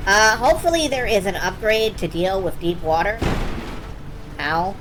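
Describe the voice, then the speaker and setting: Woman, game streamer, casual play commentary, wry, enthusiastic, swears a lot, mid pitch, faint music behind. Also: lively intonation, moderate pace. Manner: wry, enthusiastic, swears freely, thinks aloud. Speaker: streamer playing game demos.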